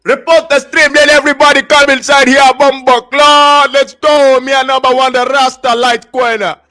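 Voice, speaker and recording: A man voicing a loud, hyped-up male Rasta crypto hype man in a put-on Jamaican accent, shouting in exaggerated patois. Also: very high voice, little pitch movement, normal speed, faint music behind, voice pushed up. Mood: rowdy hype.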